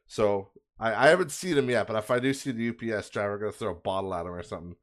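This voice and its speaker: Racing along in a fairly low voice, a Canadian podcast host rants casually about his misfortunes, cursing and sounding exasperated while laughing at his own bad luck.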